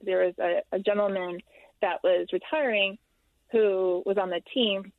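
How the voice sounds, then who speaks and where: A woman in her thirties tells her story as an interview guest, halting and candid, often pausing and restarting. Her voice sits at an ordinary pitch. It comes through a thin, phone-like line with a dry, close sound. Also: steady tone, no echo. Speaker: interview guest, military widow. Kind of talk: recounting a personal story in an interview.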